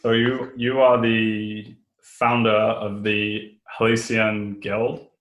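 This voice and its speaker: A man hosting a podcast, introducing his guest calmly with many ums and soft hedging phrases. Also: on the low side, extremely slow. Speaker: podcast host. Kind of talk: casual interview. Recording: echoey room.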